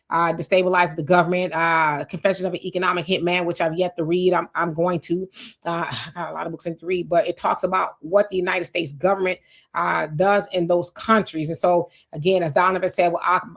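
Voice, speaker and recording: A woman in her fifties hosts a casual live stream. She talks in a relaxed, conversational way, fairly high-pitched, and reads viewer comments aloud. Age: 50s. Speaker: host.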